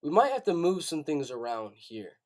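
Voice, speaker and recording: Lively young man thinking aloud. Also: on the high side, moderate pace. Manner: thinks aloud, repeats himself, stammers. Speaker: host. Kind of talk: live-stream commentary.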